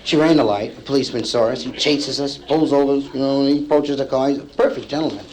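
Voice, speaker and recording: A male stand-up comedian telling a story to a live audience, acting out the people in it with lively punchlines, from an old vinyl comedy album. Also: mid-range voice, fast talker, slight background noise, poor audio. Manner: acts out characters in the story, lively punchline delivery. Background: audience laughter.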